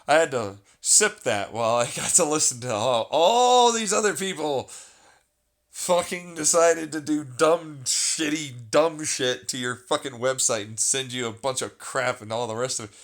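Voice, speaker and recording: A man's voice: medium pitch, animated, a little slow, a bit bright. A man in casual, rambling chat, sarcastic and full of swearing.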